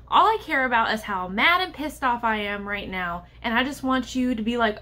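A woman's voice: on the high side, moderate pace, hardly any pauses, bright, forceful tone. A young woman vlogger talking candidly and with frustration about a personal struggle, speaking straight to the camera. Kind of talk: personal vlog monologue.

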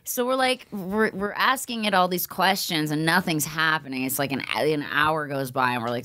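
A woman's voice: low-pitched, moderate pace, few pauses, bright, forceful tone. A woman from Pennsylvania, a podcast guest, telling a spooky story in a casual, profane way full of "like" fillers.

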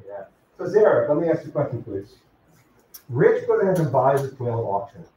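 Male law professor, animated lecturing, casual, roomy distant sound, dull recording. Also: mid-range voice, fairly quick, slight background noise. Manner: lively, casual, calls on students by name. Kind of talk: classroom lecture with questions to students. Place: lecture classroom.

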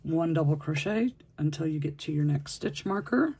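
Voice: mid-range voice, lively intonation, normal speed, dark tone, slightly rough. A crochet instructor talking through a project step by step, patiently counting stitches aloud while working. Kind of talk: step-by-step crafting tutorial.

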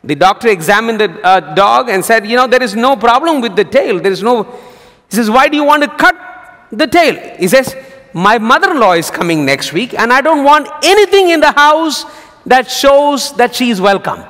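A male pastor preaching a sermon, telling jokes as a lively storyteller. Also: extremely high pitch, moderate pace. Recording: long hall reverb.

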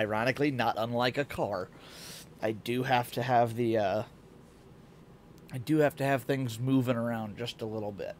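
Brief: man streaming games at home, groggy congested morning voice, rambling and chuckly, mid-pitched, slight hiss behind. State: sleepy morning voice, congested sinuses. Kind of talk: casual game-stream chat. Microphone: desk mic.

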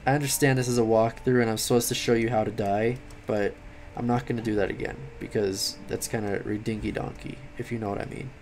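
A tired young man giving late-night game commentary, rambling, swearing and yelling at the game. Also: fairly low pitch, steady tone, a little fast, slight background noise. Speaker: gaming commentator.

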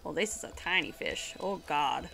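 Giggly chatty woman with vocal fry. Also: fairly low pitch, normal speed, pushed and bright, faint music behind. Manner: chatty, giggly, slips into a put-on accent-like voice; talks to chat and other players while playing. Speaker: streamer. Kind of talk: casual live gaming chat.

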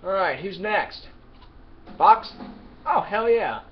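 A man casually commenting on his own game play, swearing and yelling at the game's characters, then mumbling as he loots. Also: high voice, lively intonation, takes it slowly. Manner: mumbling asides while looting. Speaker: gamer. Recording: dull lo-fi mic with clear background noise.

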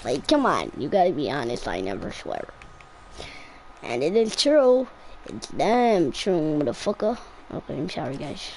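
A woman streaming a game, rambling crudely, swearing and trash-talking other players with sudden excited outbursts. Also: low-pitched, a little hiss or hum, rough recording. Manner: excitable, quick swings between yelling and muttering. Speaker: gaming streamer. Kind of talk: casual gameplay commentary.

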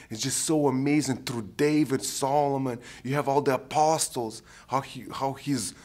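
A man of around thirty from Ukraine, giving an earnest, heartfelt personal faith testimony, often pausing to search for words. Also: mid-range voice. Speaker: program participant giving testimony.

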